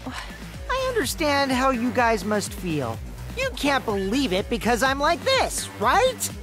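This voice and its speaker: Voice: high voice, takes it slowly, heavily acted. A smug robotic teen boy. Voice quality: flat synthetic robotic tone. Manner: teasing, smug, playful. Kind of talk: English video game dub. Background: game music.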